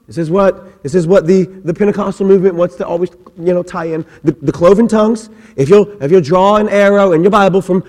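Male pastor, high voice, lively joking sermon, church hall echo. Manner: animated, joking asides, many quick restarts. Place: church sanctuary. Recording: long hall reverb.

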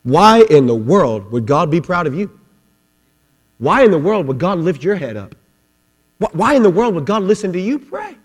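A male preacher delivering a sermon with a notably high-pitched voice. He talks with passion, circling back over his phrases and pushing them harder as he builds. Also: big pitch swings, moderate pace, long reverb tail. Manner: impassioned, repeats phrases, builds to rising fervor.

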